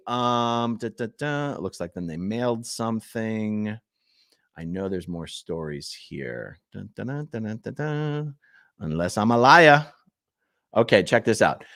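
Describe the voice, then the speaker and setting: A man's voice: medium pitch, a bit bright, no room sound, studio quality. A man hosting his channel, reading legal documents aloud and stopping for chatty asides to his viewers. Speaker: channel host.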